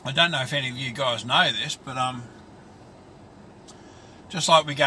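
A man's voice: medium pitch, fairly even intonation, normal speed, pauses often, sharp tone, a little hiss or hum. An Australian man vlogging in a casual, rambling monologue, crude and colloquial, talking from his car.

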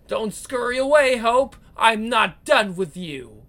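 A woman playing a cruel, seductive vampire queen, drawling every taunt slowly in a bright, tense voice. She gloats and menaces like a comic book villain read aloud, breaking into growls. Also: a little high, expressive. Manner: slow, taunting, theatrical delivery with growls.

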